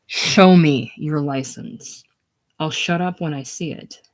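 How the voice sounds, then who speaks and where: A reader doing a brash, combative middle-aged woman from a casual play reading, loud and scornful. She mocks and jeers at everyone around her. The pitch sits in a middling range. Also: slow, lightly acted. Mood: mocking.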